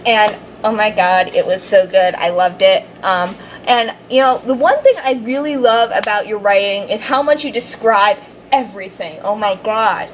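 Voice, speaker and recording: A woman's voice: medium pitch, moderate pace, slight background noise, rough recording. A young woman giving a casual, rambling video review of fan fiction, hyper and gushing, with many fillers and restarts. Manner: bubbly, rambling, fangirling, lots of fillers and restarts. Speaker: fanfiction reviewer.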